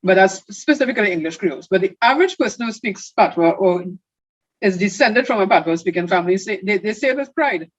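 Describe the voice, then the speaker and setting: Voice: mid-range voice, fast talker, no room sound, dull audio. A speaker from Trinidad and Tobago, talking animatedly in an interview. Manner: animated, mimics others in quoted asides. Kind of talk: interview talk.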